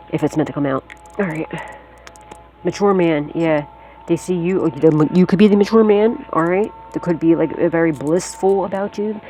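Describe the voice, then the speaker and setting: With a low, mellow voice over a slight hiss or hum, this woman reads tarot casually for her audience. As a psychic, she's frank and repetitive, swears without hesitation, and laughs often.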